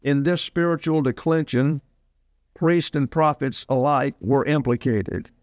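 A pastor in his eighties from Alabama preaches a sermon in a folksy, rambling style full of digressive stories. His voice is medium in pitch and unhurried, with no echo in the recording.

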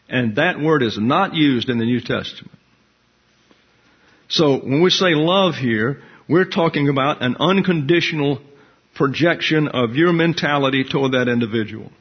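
A man's voice: mid-range voice, husky, lo-fi sound. A man teaching a Bible class in a conversational way, asking his listeners questions as he explains.

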